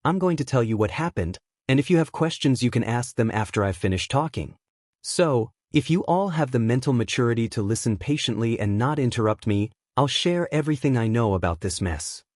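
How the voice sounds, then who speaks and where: A man reading as a weary monotone hero-teacher. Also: mid-range voice, a little fast, dry recording, studio quality, close to an everyday voice. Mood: blunt. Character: weary, blunt adult male hero-teacher and protective father.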